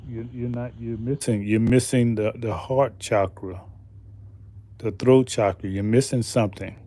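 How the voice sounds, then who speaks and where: Slow, deliberate man with pointed questions. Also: medium pitch, steady tone, warm tone. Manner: slow, emphatic, with pauses and repeated rhetorical questions. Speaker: channel host. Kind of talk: slow deliberate commentary monologue.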